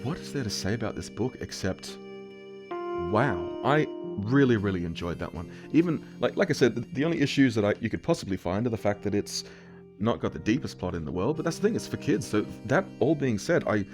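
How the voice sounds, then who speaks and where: Man retelling a kids' book, deep voice, casual and keen, music bed. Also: very animated, a little fast. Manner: enthusiastic, casual. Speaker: book reviewer. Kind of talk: storybook retelling. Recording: music playing under voice.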